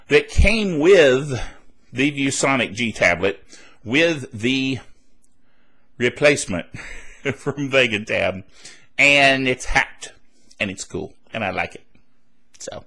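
A man's voice: medium pitch, a bit bright, slightly rough. A man hosting a solo tech news podcast, chatty and rambling with laughs and asides, his throat a little dry. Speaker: podcast host.

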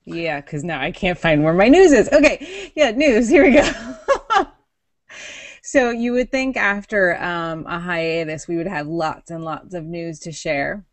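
A woman's voice: on the low side, measured pace, hardly any pauses, no room sound. A middle-aged woman co-hosting a casual tech podcast, chatty and giggly, often breaking off mid-sentence. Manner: giggly, chatty, self-interrupting. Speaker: podcast co-host.

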